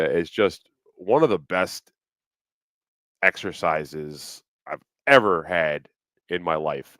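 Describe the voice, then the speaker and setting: A man with a low, smooth voice chats loosely on his livestream, swearing freely and wandering between topics with lots of fillers. The sound is close and dry, with no room echo at all. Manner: loose, profane, rambling with fillers. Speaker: livestream host. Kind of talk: casual livestream chat. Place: home, New York City.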